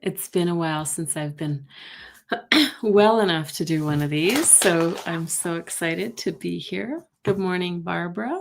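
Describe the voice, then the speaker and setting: A woman's voice: on the low side, moderate pace, gravelly, background noise. A woman hosting a psychic livestream from home, chatting casually and greeting viewers by name. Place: home in Colorado.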